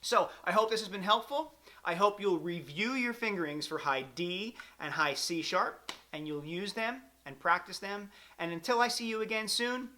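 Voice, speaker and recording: A male music teacher with a bright, forceful tone gives a clarinet lesson. He counts the beats out loud and explains each step patiently, keeping his delivery encouraging. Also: sits high, normal speed.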